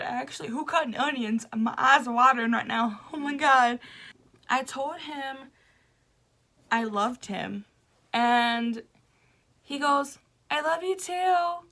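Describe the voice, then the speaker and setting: A young woman chats to her camera, gushing and excitable, often laughing and trailing off mid-thought. Her voice is bright and fairly high, and she talks at an unhurried, drawn-out pace. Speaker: vlogger. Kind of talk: casual storytelling to camera.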